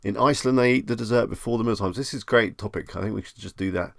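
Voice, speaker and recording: Gravelly low-voiced man, chatty live streamer. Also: fast talker, no echo, clean studio sound. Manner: chatty, reads questions aloud and muses on them. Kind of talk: casual live-stream chat.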